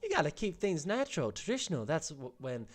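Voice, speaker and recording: A man's voice: fairly high pitch, wildly swooping pitch, brisk, pitched above the performer's own voice. A man voicing a proud, cheerful young woman blacksmith in an attempted Southern US accent, with eager upbeat delivery, over faint game music. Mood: defiant.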